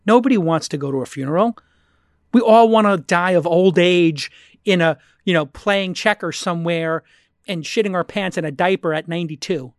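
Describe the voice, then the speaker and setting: A man's voice: high voice, normal speed, dry recording. American guy ranting on a podcast, heated and sweary, dry close sound. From United States. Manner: profane, impassioned, emphatic. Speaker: podcast guest.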